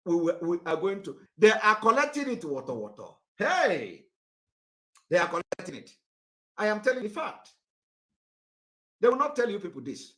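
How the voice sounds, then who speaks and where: Nigerian male activist, impassioned address, very animated delivery. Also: high-pitched, normal speed, pauses often. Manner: fiery, repetitive, rises to shouting. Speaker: political activist.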